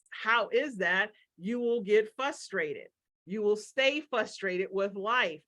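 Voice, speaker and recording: Energetic woman giving a motivational webinar. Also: fairly high pitch. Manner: energetic and emphatic, acting out quoted remarks in exaggerated voices; repeats key phrases, with frequent "right?" asides. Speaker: webinar presenter.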